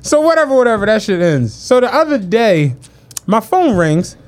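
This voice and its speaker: A man co-hosts a laid-back podcast and spins a story with a pitch that leaps all over. He drops into different voices for the people he quotes and keeps the slang flowing. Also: moderate pace. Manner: animated anecdote-telling, acts out quoted voices, slangy. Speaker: podcast co-host. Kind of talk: casual podcast chat, storytelling.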